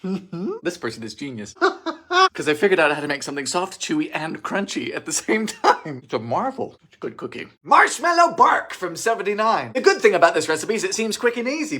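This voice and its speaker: A man narrates a comedic vintage recipe show. His voice is bright and sharp, with a pitch that leaps around constantly. He swings between shouted exclamations and deadpan muttered jokes. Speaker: cooking show host.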